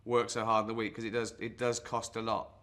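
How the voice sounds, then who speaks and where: A man's voice: lowish voice, flat delivery, brisk, a bit bright, close to an everyday voice. An actor playing a self-deluded middle-aged male sales rep, rambling awkwardly with lots of ums and nervous chuckles in a comic mock guitar lesson. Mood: awkward boastful. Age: 40s. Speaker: would-be guitar teacher.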